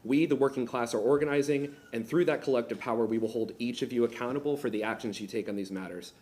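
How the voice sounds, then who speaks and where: A man's voice: medium pitch, fast talker, darkish tone. A man giving an impassioned, militant public comment speech into a podium microphone in a city council chamber.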